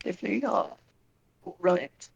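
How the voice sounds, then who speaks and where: A woman playing a gentle fatherly toon man. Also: fairly low pitch, very animated, takes it slowly, creaky, breathy edge, exaggerated voice, rough recording. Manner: gentle, fussing, hesitant fillers. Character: kind, gentle male toon, fatherly and caring.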